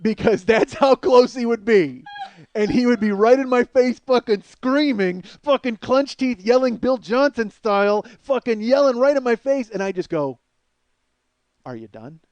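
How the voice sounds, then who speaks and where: A man hosting a comedy podcast, riffing through a profane, animated monologue. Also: extremely high pitch, moderate pace, no room sound.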